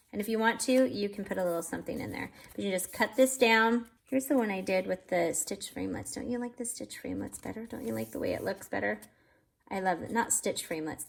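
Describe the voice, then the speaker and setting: A woman's voice: mid-range voice, gravelly. A woman hosting a casual card-making tutorial, chatty and self-deprecating, talking straight to viewers while she works and sounding a bit out of breath.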